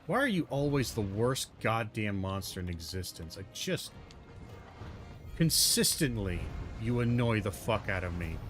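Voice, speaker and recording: A man narrating his own gameplay, muttering and cursing in exasperation, with sudden loud outbursts. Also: fairly low pitch, big pitch swings, unhurried, over music. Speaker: gaming video host. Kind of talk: let's-play commentary.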